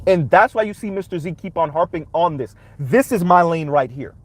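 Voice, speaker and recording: Guy doing reaction commentary, emphatic, keeps asking right?, kinda high voice. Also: expressive, brisk, no echo. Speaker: commentary channel host.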